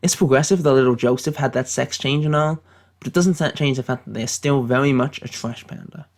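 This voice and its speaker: Brief: British guy faking an American accent, gravelly, deadpan mock-serious ranking rants. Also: medium pitch, fairly quick. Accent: put-on American accent. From Britain. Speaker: YouTube commentator. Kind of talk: satirical tier-list commentary.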